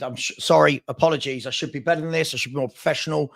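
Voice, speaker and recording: A man with a fairly high-pitched voice who sounds frustrated and agitated. He stammers, restarts his sentences, and repeats the same lines over and over as he vents on his own chat show. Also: steady tone, rapid-fire, vocal fry, hardly any pauses, a bit bright. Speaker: fan channel host. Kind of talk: heated live chat.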